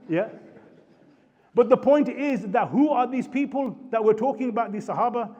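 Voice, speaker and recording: Blunt high-voiced Birmingham man. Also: normal speed, warm tone. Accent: Birmingham English. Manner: blunt, scolding, street-style slang. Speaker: panel speaker. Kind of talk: impassioned live talk. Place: community centre hall. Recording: roomy hall, dull sound.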